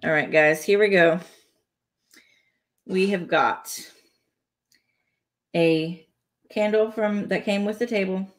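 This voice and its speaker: A woman talks casually on a live stream from her home, keeping up a loose, joking patter as she goes. Her voice sits at a middling pitch, and she breaks into easy laughter between remarks. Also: takes it slowly, pauses often. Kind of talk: casual live-stream chat while building a toy set. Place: home, indoors.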